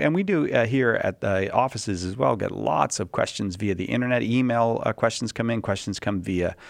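Lively radio host, low voice. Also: male voice, creaky, no echo. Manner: jokey, hesitant with fillers. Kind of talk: radio talk show hosting.

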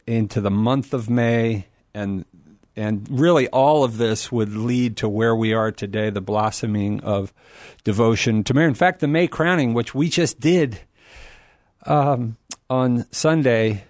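A middle-aged man as a radio guest, talking in an enthusiastic, rambling way with a preacher's warmth. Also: on the low side, no echo, studio quality. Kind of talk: casual radio talk.

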